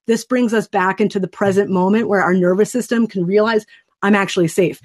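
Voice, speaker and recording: A woman of mid-range pitch talks into a desk microphone during a training webinar. She explains a stress topic and then slowly walks listeners through a breathing exercise. Her manner is calm, soothing and instructive. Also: husky.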